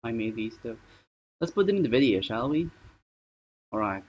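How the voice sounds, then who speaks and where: A man's voice: mid-range voice, very animated, normal speed, breathy edge. A man live-streaming at home in casual chatter, rambling and thinking aloud as he works. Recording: dull lo-fi stream audio.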